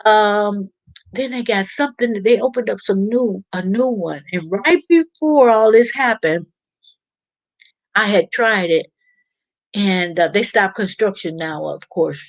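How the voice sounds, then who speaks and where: This woman speaks at medium pitch with lively intonation and a measured pace, chatting away on a casual live stream. She reads out viewer comments and rambles with lots of fillers and restarts, and the recording is dry with poor audio.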